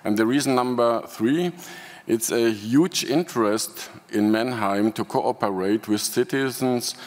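A man's voice: mid-range voice, measured pace. A German man speaking as a city official on a conference panel, careful and hesitant with many ums, a German speaker using English. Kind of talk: panel presentation. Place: large conference hall. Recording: long hall reverb.

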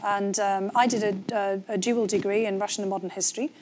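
A woman with a North East English accent, from North East England, speaks fast in a steady, mid-range voice over a noisy background. She's a former government official appearing as a guest in a conversational interview, telling her story candidly with frequent fillers.

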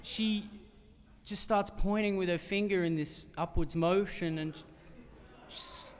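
His high voice is clean, slow, and fairly even in intonation. This Australian singer-songwriter, on stage before an audience, fills the gap between songs with a long, rambling, self-deprecating comic story littered with fillers and restarts. The live concert hall adds reverb.

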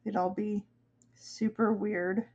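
Young woman, artist streamer, casual rambling chat, mid pitch, slightly dull audio. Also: little pitch movement, slow, darkish tone. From upstate New York, USA. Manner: rambling, chatty, laughs often. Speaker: artist streaming her work. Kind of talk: casual chat while drawing.

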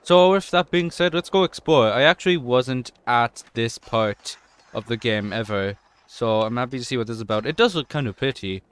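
A young man with a non-American English accent doing casual let's-play commentary, chatty and excitable, swearing and yelping at in-game mishaps. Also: mid-range voice, normal speed, clear, resonant tone, dry recording. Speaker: gaming YouTuber.

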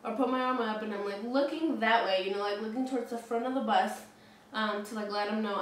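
A woman's voice: mid-range voice, steady tone, brisk. A woman in her twenties telling a story casually, chatty, with lots of "like" and frequent swearing. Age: 20s. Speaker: vlogger. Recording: very echoey room, mic at a distance, faint noise.

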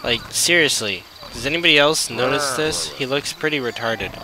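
A man's voice: medium pitch, moderate pace, crowd noise. A man giving casual gameplay commentary and exasperatedly scolding the creatures in his game. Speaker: let's play host. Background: game music.

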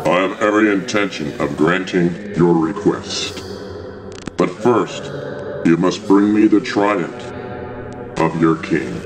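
A man playing a booming, imperious sea god. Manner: commanding, slow and imperious. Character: booming all-powerful male sea god king. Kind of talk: amateur parody skit acting. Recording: echoey with loud music.

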